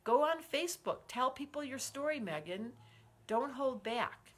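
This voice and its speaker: A high-pitched, expressive woman's voice at a measured pace belongs to an astrologer in her sixties hosting a live stream. Full of effusive encouragement, she reads comments from viewers and leads group breathing; the audio comes from a livestream setup.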